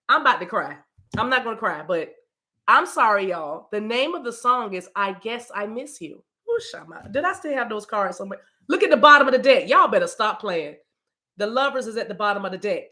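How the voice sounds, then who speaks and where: A middle-aged woman hosts a live tarot reading in a casual, chatty way. Her voice is bright, fairly high, and swings widely in pitch. She laughs often and speaks directly to her viewers. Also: a little fast. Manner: animated, laughing, talks straight to viewers. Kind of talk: casual livestream chat.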